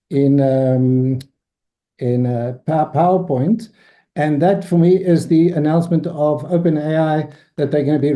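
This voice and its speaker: A man's voice: on the high side, warm tone. A man hosting a weekly AI business webinar, giving a loose, unscripted walkthrough of screens as he talks. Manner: loose, unscripted delivery that walks through screens on the fly. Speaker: host of a weekly AI business meetup. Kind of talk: informal webinar presentation.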